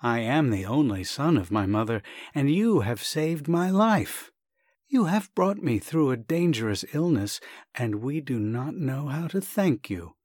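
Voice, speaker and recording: A man's voice: mid-range voice, big pitch swings, unhurried, darkish tone, no echo, pitched above the performer's own voice. A man voicing a nervous, over-polite young man in a dry storybook reading, agitated and repeating himself. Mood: agitated pleading. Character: earnest nervous young man, fussy and grateful.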